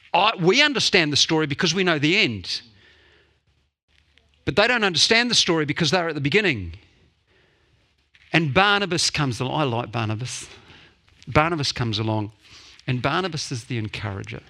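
A man preaching a sermon as pastor, storytelling with playful jokes and quick asides. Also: a little high, pushed and bright.

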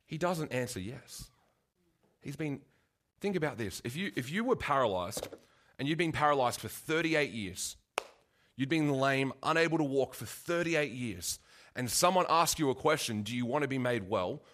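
A man's voice: mid-range voice, lively intonation, moderate pace, a bit bright. A man preaching a casual, conversational sermon, full of asides and restarts.

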